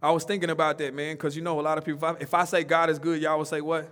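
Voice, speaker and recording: A man preaching a sermon, his voice sitting a little high for a man. He talks in a loose, conversational way and leads call-and-response with the congregation. His emphatic lines rise in pitch and volume, and his softer lines drop back down. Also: flat delivery, racing. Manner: call-and-response preaching, rising emphatic then dropping soft; informal, conversational speech.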